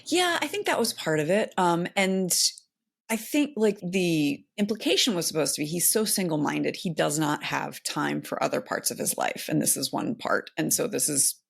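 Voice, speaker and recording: A woman with a low, gravelly voice co-hosts a casual podcast. She talks in a loose, thoughtful ramble with lots of fillers and restarts. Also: expressive, moderate pace. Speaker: podcast co-host. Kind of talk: casual chat.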